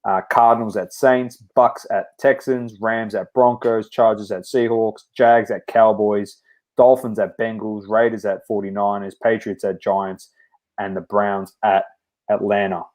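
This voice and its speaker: A man co-hosting a sports chat show, running through results and schedules in an even, list-like way. His voice sits a little low. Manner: steady, reads off scores in a brisk list. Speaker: podcast co-host.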